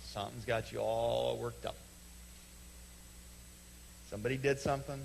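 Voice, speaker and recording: A pastor preaches to his church in a relaxed, conversational way, slipping into little quoted back-and-forths and then slowing right down to land a point. His voice sits in an ordinary middle pitch for a man. A faint hum runs under the stage microphone. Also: vocal fry, rough recording. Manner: conversational, acts out little quoted dialogues, slows for emphasis. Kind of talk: sermon. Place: church sanctuary.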